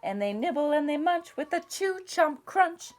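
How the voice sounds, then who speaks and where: A woman's voice: high voice, expressive, normal speed, darkish tone. A woman teacher reading a picture book aloud to children in a sing-song way, asking them to join in. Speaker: music teacher.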